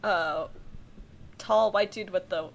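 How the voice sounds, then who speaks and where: A woman's voice: on the low side, slow, creaky. A woman co-hosting a comedy podcast, giggly and bubbly, full of "like" fillers. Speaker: podcast co-host. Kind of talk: casual comedic podcast chat.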